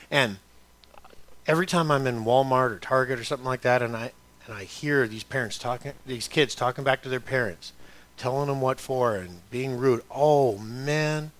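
A man preaching a sermon. He begins quiet and conversational, then turns loud and emphatic. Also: mid-range voice.

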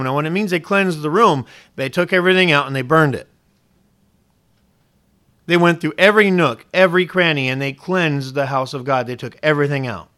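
A man with a high, bright voice preaches a sermon. He asks his listeners direct questions and presses on key words as he makes his points. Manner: preaching with rising emphasis and direct questions to the congregation. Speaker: pastor.

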